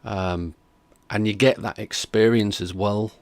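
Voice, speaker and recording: A man's voice: on the low side, steady tone, measured pace, no echo. A man hosting a reaction stream, chatting casually and skeptically while reading out viewer comments. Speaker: reaction video host.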